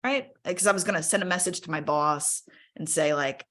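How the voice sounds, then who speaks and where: A woman with a low, slightly bright voice talks fairly quickly, sharing a personal story candidly with a live webinar audience over a video call from her home workspace. Conversational in tone, she often checks in by asking listeners "right?"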